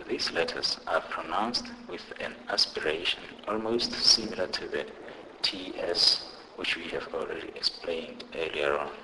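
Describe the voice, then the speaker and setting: A man's voice: a bass voice, background noise. A man teaching a beginner language lesson, spelling out letter pairs and saying each example word twice in a careful, scripted delivery. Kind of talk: slow scripted pronunciation lesson.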